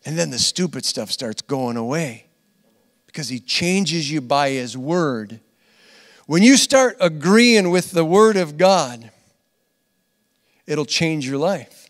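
A man preaching a conversational sermon as pastor. He is earnest, laughs often, repeats phrases, and swings from loud emphatic lines to quiet asides. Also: on the high side, lively intonation, slow, pauses often, big-room sound. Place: church hall.

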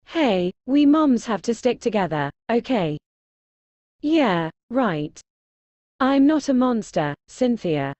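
A woman's voice: on the high side, very animated, slow pace, a little mellow, no room sound, muffled recording. An actress in her thirties playing a self-assured mother who always has a comeback, in a TV drama. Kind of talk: TV drama acting.

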